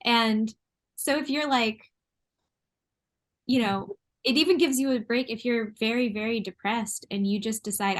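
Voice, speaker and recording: A woman's voice: on the high side, steady tone, measured pace. A woman guest on a podcast, chatting casually and thoughtfully about everyday life, laughing often. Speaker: artist and designer, podcast guest. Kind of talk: casual chat. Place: New York.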